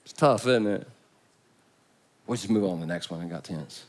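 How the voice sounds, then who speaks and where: A man's voice: low-pitched, normal speed. A man preaching a sermon as pastor. He jokes and stresses points by repeating phrases. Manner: joking, emphatic, repeats phrases.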